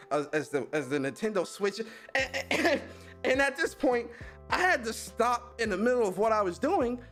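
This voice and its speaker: A man with a high, lively voice rants about an online chat as a gaming show host. He swears freely and mocks people in exaggerated impressions. Faint music plays behind him. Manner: animated, profane storytelling with mocking impressions. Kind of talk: casual rant.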